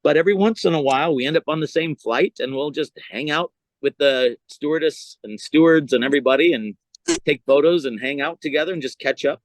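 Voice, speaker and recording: A man's voice: on the high side, brisk, no room sound. A male comedian telling stories in casual chat, acting out other people's voices as he goes. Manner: animated, acts out voices in his stories. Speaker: stand-up comedian guest. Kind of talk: casual storytelling.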